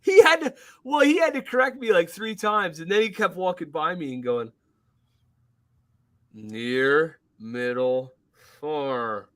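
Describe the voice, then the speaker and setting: A man co-hosting a podcast, telling stories in casual chat, animated and profane, acting out others in a shouting voice. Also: on the high side, takes it slowly. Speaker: podcast co-host.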